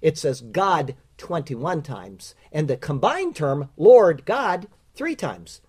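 A man preaching through Scripture in a measured, emphatic teaching voice, sitting a little higher than most men. He slows down to lean on quoted words and key phrases, stressing each point with deliberate weight. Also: big pitch swings, darkish tone, slightly rough. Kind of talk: expository Bible teaching.

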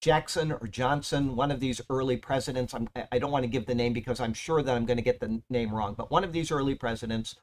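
A man's voice: mid-range voice, fast talker, hardly any pauses. A man teaching a Bible study, reading commentary aloud and often checking in with his listeners.

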